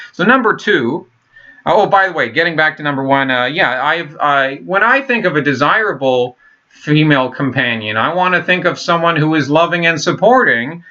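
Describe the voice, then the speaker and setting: A man's voice: a little high, bright, forceful tone, lo-fi sound. A man in his thirties talking in a rambling, blunt casual monologue, full of fillers, restarts and swearing. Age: 30s. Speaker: vlogger.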